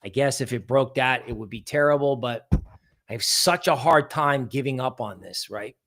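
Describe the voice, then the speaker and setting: A man with a medium-pitched, somewhat bright voice hosts a crypto market show livestream at a moderate pace. He rambles in a conversational way, often throws in "right?", and parodies panicky traders using exaggerated voices.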